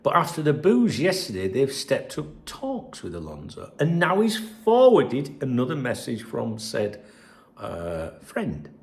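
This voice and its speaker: A man's voice: mid-range voice, wildly swooping pitch, unhurried. A man hosting a football channel, reading out messages and chatting to viewers in a sweary, rambling way. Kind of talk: casual solo commentary reading messages.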